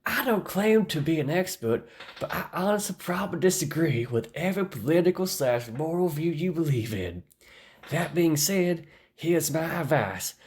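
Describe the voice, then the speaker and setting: A woman voicing a preachy male commenter in a put-on Southern drawl, mocking and slow. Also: low voice, expressive, a little mellow, pitched above the performer's own voice. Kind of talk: mock reading of a comment.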